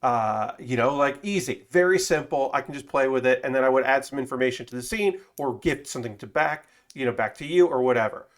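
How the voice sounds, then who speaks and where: A man's voice: mid-range voice, expressive, brisk, few pauses. Man, casual stream chat, rambling, self-correcting, swears a lot. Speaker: streamer building model kits.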